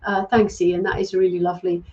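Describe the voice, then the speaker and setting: A woman's voice: on the low side, level tone, brisk, dull audio. A middle-aged British woman raised in Wales, a medium hosting a casual livestream and reading out viewer comments with many ums. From UK, born in England, grew up in Wales. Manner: chatty, warm thanks, frequent ums. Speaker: host, psychic medium reading live comments.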